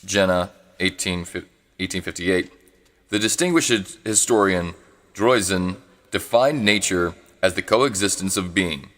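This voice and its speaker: Deep-voiced man reading, halting. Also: fairly bright tone, long reverb tail. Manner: halting, restarts and corrects misread words; unsure with foreign words, adds asides. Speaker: reader. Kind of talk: live reading of a philosophy book.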